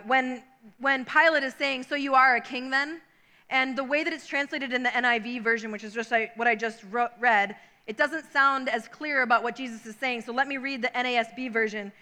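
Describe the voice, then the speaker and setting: A woman's voice: high-pitched, brisk, pushed and bright, in a large hall. A woman preaching a sermon, reading scripture aloud and then commenting on it in a conversational way.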